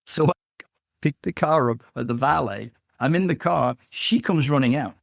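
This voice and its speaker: A man's voice: fairly high pitch, normal speed, gravelly, no echo, studio quality. A man telling a long personal anecdote as a podcast guest, acting out the people he quotes and checking in with "right?". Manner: animated anecdote teller, acts out quotes, tags lines with "right?". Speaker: guest author. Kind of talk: storytelling in a podcast interview.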